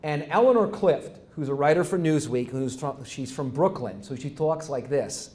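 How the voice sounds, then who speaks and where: A male professor giving a lecture in a conversational, halting way, with frequent restarts and rhetorical questions to the audience. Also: fairly high pitch, animated, darkish tone, husky. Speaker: university professor, guest lecturer. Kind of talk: academic lecture.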